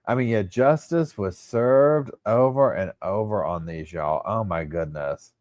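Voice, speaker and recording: A man's voice: on the low side, unhurried, dry recording. Chatty man on a livestream. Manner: chatty, animated, talks to viewers as y'all. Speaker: livestream host. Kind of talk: casual live chat with viewers.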